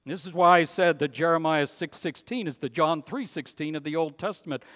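A man preaching with emphatic conviction, his voice sitting somewhat high for a man. He rises to loud declarations and then sinks to near-hushed phrases. The sound rings with the long reverb of a large hall. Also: fairly quick, few pauses. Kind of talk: sermon.

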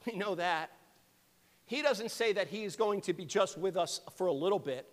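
High-voiced male preacher in a reverberant hall. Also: expressive, moderate pace. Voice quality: earnest, emphatic preaching with rhetorical questions. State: keeps clearing his throat. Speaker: pastor. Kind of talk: sermon. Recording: long reverb of a large hall.

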